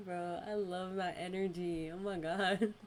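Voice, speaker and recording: A woman's voice: measured pace, a little hiss or hum. A young woman hosting a casual podcast, telling work stories with lots of laughter and acted-out voices. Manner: animated storyteller, acts out customers in high voices, laughs often. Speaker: podcast host. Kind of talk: casual chat.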